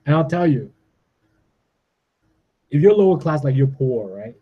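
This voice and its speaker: A man's voice: fairly high pitch, expressive, measured pace, pauses often, husky, dull audio. A man in his forties from Canada, delivering a profane, agitated rant and ending his points with "all right?". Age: 40s. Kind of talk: ranting monologue.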